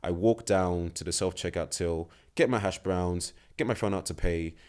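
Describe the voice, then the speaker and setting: A young man with a very deep voice tells a story in relaxed podcast chat. He acts out what each person said and laughs as he goes. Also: normal speed. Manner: animated storyteller, acts out quoted lines, laughs often. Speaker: podcast co-host.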